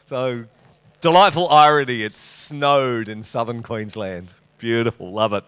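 A man's voice: medium pitch, fairly even intonation, unhurried, fairly bright tone, clean tone. A middle-aged man with an Australian accent, preaching a sermon to his congregation in a church, full of teasing banter and jokes. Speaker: pastor. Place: church auditorium.

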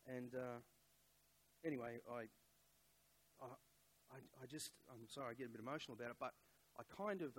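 A middle-aged man preaching a sermon, telling a personal story in a conversational, halting way with many fillers. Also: mid-range voice, rough recording.

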